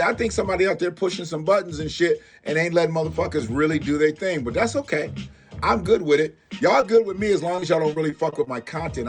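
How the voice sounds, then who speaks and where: A man hosting a live-stream commentary show, ranting bluntly and profanely and talking straight to his viewers. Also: on the high side. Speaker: livestream host.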